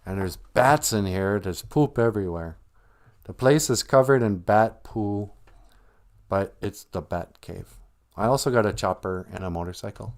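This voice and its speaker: A man's voice: lowish voice, a little slow. A man voicing a smug, self-pitying rich hero who brags and keeps bringing up his own loss, in a comic spoken retelling. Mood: boastful. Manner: boastful, oblivious, talks up his own sad past.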